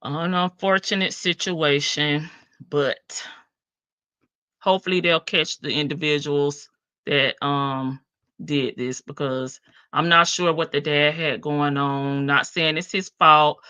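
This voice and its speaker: A woman's voice: sits low, steady tone, takes it slowly, sharp tone, clean tone, dry recording. A woman hosting a casual livestream, chatting and greeting viewers one by one in a big country voice. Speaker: livestream host.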